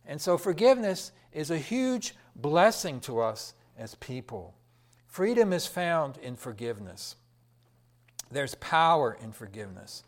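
A man preaching a sermon, asking rhetorical questions and dropping soft and low to stress key words.

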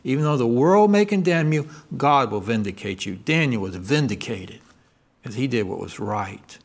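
A man preaching a sermon, asking his listeners questions and moving between loud emphatic lines and low quiet ones. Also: expressive, normal speed, gravelly. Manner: asks the congregation call-and-response questions.

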